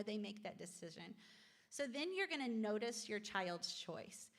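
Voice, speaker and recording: A woman's voice: mid-range voice, big pitch swings, normal speed, creaky. A woman presenting a parenting class from slides, chatty and encouraging, quizzing the audience.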